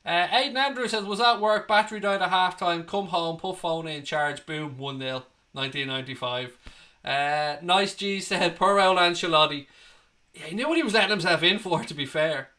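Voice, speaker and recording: A man's voice: high-pitched, normal speed, sharp tone. A man, hosting a casual live stream, reading out viewer comments and joking back with banter and swearing. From Ireland. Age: 30s. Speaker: fan channel host reading live chat. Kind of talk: casual livestream chat.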